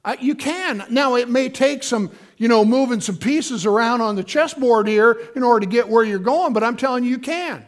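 High-voiced preaching man, lively bursts. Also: normal speed, few pauses. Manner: animated preaching with sudden loud high bursts and dramatized quotes. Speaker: pastor. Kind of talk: sermon.

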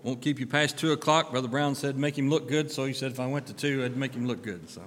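A middle-aged man, a pastor giving church announcements and then a sermon in a folksy, filler-heavy way with lively rises of emphasis. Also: medium pitch, fast, a little hiss or hum. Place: church sanctuary. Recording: long church-hall reverb.

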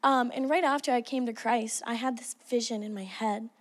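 A woman's voice: a little high, fairly even intonation, moderate pace. A woman earnestly sharing her testimony at a church gathering. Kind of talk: casual spoken testimony.

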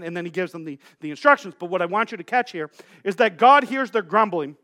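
A man's voice: sits high, lively intonation, fast talker, sharp tone. A middle-aged man preaching a sermon as pastor, casual and joking, often restarting his sentences.

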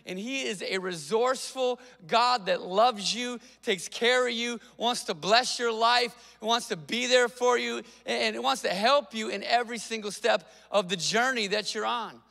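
Casting note: male pastor, high bright voice, animated sermon delivery, long hall reverb. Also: creaky. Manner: conversational, animated preaching with quick asides.

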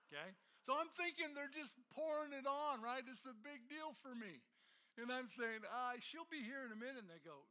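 A man's voice: high-pitched, very animated, normal speed, bright, forceful tone. A middle-aged male pastor preaching a sermon, telling a funny personal story with acted-out voices and laughing at himself before turning to scripture.

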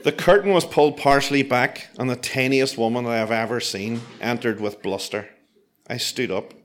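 A man telling a comic personal story with dry, self-mocking, deadpan asides. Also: mid-range voice, moderate pace.

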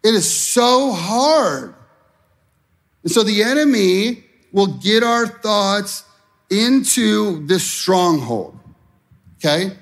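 A middle-aged man preaching a sermon in a conversational way, voicing worried prayers as he goes. His voice sits high, and he takes his time over the words. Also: animated, very slow, long pauses. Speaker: pastor.

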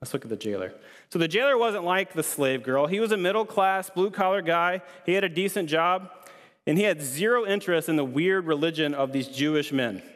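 A man's voice: on the high side, animated, fairly quick, a bit bright. A man pastor preaching a sermon in an earnest, conversational way, repeating key lines for emphasis. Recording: long hall reverb.

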